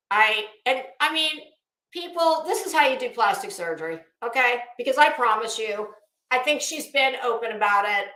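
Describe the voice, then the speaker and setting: A sassy, opinionated woman talks through fashion in a slow, unhurried drawl, her voice bright and fairly high. She sounds middle-aged and relaxed. The room around her rings with echo. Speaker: fashion commentator. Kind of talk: casual commentary.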